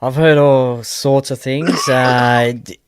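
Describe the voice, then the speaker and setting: Australian male guest, smooth and crisp, dry close sound, easygoing chat. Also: mid-range voice, steady tone, slow pace, no echo. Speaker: guest fan. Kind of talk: casual sports chat.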